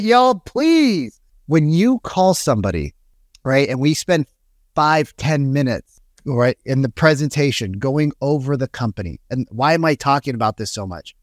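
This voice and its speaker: A man's voice: a little high, dry recording, clean studio sound. A man giving a direct, emphatic sales coaching talk and acting out quoted voices. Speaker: sales trainer.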